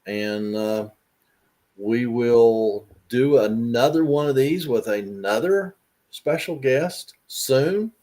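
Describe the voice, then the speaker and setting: A man hosting a casual livestream chat over a call, relaxed and chatty, sharing his own repair stories. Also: mid-range voice, takes it slowly. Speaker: host.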